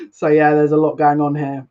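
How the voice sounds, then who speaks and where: A woman's voice: deep voice, a little mellow. Chatty emotional woman on a dull-sounding stream. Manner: chatty and emotional, greets viewers by name, trails off and restarts. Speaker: psychic reader on a live stream. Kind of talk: live-streamed tarot reading, casual chat to viewers.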